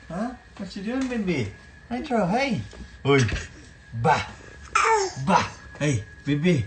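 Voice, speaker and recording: A woman's voice: lowish voice, sing-song, slow pace. Playful sing-song woman doing baby talk. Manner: sing-song, playful, switches between English and Filipino. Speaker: parent filming her baby. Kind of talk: baby talk in home videos. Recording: noisy home video.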